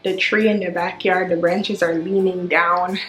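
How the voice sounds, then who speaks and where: A woman's voice: fairly low pitch, little pitch movement, unhurried, a bit bright. Casting: woman vlogger, raw and emotional storytelling, echoey room, faint music under her. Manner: raw, tearful retelling with sudden rises.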